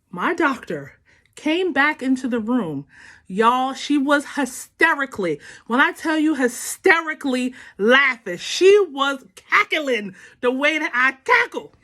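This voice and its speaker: A lively woman in her thirties tells a family story straight to her viewers. Her high voice swings widely and sounds bright, and she laughs often as she calls them y'all. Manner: animated, laughing, addresses listeners as y'all. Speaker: vlog host telling a family story.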